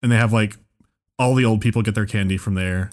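A man's voice: fairly low pitch, steady tone, fast talker. A man telling a long story in casual chat, rambling and full of fillers.

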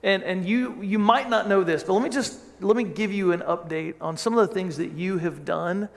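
A man's voice: sits high, normal speed, gravelly, in a large hall. A male pastor preaching a sermon in a conversational storytelling way, often restarting his sentences.

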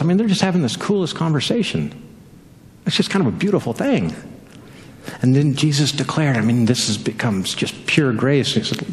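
A man preaching a lively sermon, telling stories and acting out the voices in them. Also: a little fast, big-room sound. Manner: animated storytelling, acts out voices, jumps between high and low pitch. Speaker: pastor.

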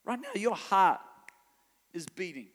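Fervent New preacher in a hall. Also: male voice, high voice, wildly swooping pitch, a little slow, a bit bright. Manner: storytelling, building to fervent preaching. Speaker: pastor. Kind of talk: sermon. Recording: long hall reverb.

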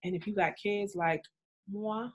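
Young female co-host, lively pitch, playful slangy banter. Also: fast talker. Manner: animated, joking, slangy. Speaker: podcast co-host. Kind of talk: casual chat.

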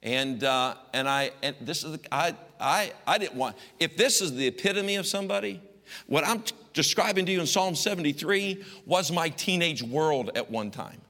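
Bright-voiced, animated middle-aged preacher. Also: male voice, on the high side, moderate pace. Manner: animated, folksy, swings between loud and hushed. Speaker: pastor. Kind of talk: storytelling sermon. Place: church sanctuary. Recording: long church reverb.

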